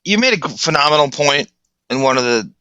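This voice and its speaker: A man's voice: on the high side, animated, fairly quick, pushed and bright, smooth, dry recording, dull audio. A man co-hosting a podcast in casual chat, going off on rambling, enthusiastic tangents. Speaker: podcast co-host.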